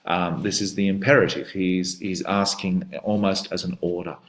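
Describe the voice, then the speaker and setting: A man's voice: sits low, little pitch movement, moderate pace. A man teaching a poem in a lecture, talking through it with many fillers and restarts. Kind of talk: poetry lecture with read-aloud passages.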